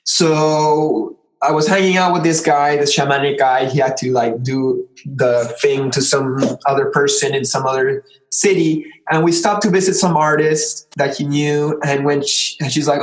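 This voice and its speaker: A man's voice: fairly high pitch, fairly even intonation, moderate pace. Rambling man telling a story, echoey room. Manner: rambling, acts out quoted voices, many "like" fillers. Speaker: podcast guest, artist. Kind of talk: casual storytelling.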